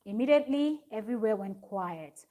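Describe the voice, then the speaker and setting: A woman talks through a reality show episode in a loose, casual recap. She rambles and restarts often, tosses in "um" and "like", and her voice sits at an ordinary middle pitch for a woman. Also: lively intonation, brisk, mellow. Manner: rambling, many fillers and restarts, reads viewer comments. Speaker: recap vlogger.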